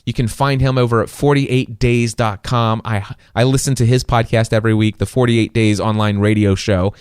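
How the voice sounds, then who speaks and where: A man's voice: mid-range voice, fairly even intonation, normal speed, a little mellow, smooth, no room sound. A man hosting his own podcast from a small studio, telling stories with enthusiasm and acting out quoted dialogue. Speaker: podcast host. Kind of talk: solo podcast monologue. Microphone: studio microphone.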